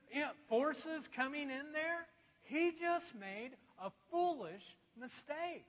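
Taking his time, a pastor whose voice is strikingly high shares a humorous anecdote at his own expense during a church sermon. The recording sounds dull and muffled, with lengthy hall reverb trailing every phrase.

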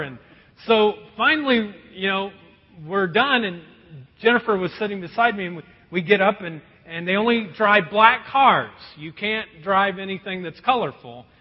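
High-voiced guy pastor telling funny stories, big echoey church, kinda dull sound. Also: breathy edge. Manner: animated, self-mocking storytelling. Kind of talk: storytelling sermon. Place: church auditorium. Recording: dull echoey hall recording.

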